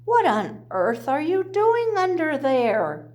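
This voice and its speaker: Woman reading as a gentle father owl. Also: high voice, wildly swooping pitch, takes it slowly, voice pushed up, full character voice. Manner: kind, soothing.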